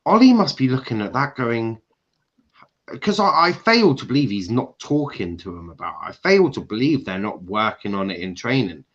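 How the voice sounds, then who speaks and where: A man's voice: medium pitch, big pitch swings, moderate pace, highs cut off. A man hosting a casual football match reaction chat, talkative and swearing now and then. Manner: chatty, swearing, mimics frustrated shouting. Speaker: football channel host.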